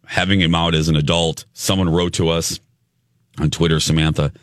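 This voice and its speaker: A man's voice: low-pitched, little pitch movement, moderate pace, no echo, studio quality. A man hosting a radio show, chatting casually and leading the segments and breaks. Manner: upbeat, chatty, runs the segment. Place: radio studio. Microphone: studio microphone.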